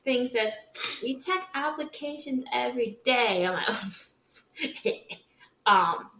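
A woman's voice: fairly high pitch, slow pace, a little hiss or hum. A woman in her twenties chatting candidly on a podcast, laughing often and acting out what others said. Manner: candid, laughing, animated storytelling with quoted voices. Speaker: podcast co-host. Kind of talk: casual chat. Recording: echoey room.

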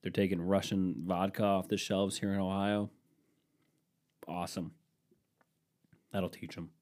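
A man's voice: deep voice, flat delivery, measured pace. Stuffy-nosed man on a swearing comedy rant. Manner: swearing, ranting, swings between loud and muttered. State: stuffy nose. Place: room at home with a dehumidifier running.

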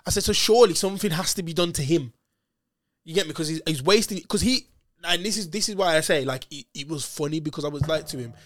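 Young guy telling a story, fairly high voice, dry close sound, slangy and laughing a lot. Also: fast, fairly bright tone, dry recording. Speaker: storyteller in a casual chat. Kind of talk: casual chat, animated anecdote.

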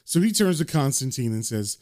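A man's voice: medium pitch, very animated, fairly quick, a little mellow. A man casually retelling a comic book story, with conversational asides. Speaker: narrator.

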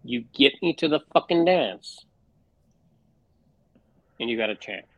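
A man's voice: a little high, lively intonation, a little slow, vocal fry, no room sound, highs cut off. A man co-hosting a casual sports podcast, ranting with lots of swearing. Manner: profane, fired-up rants. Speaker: podcast co-host.

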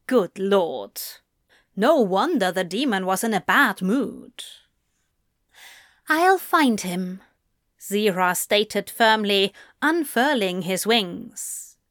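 Slow, expressive woman narrating a story. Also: mid-range voice, no echo, studio quality. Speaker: audiobook narrator.

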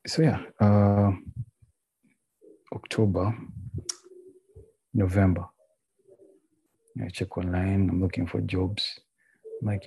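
A young man whose first language is not English, speaking in a library and telling his own story in a candid, halting way with many restarts. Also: sits low, gravelly, warm tone, husky, dry recording, poor audio. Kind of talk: personal recovery story. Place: indoors, a library.

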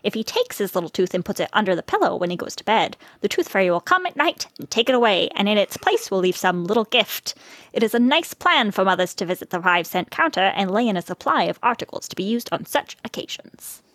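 A prim early-1900s lady columnist, as a woman puts her on reads in an old-fashioned, measured way. The sound is dry and close. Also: medium pitch, sing-song, a bit bright, no echo.

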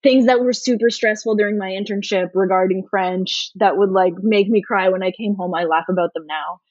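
A young woman talking casually as a podcast guest, animated and laughing often. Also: mid-range voice, brisk, no echo, highs cut off.

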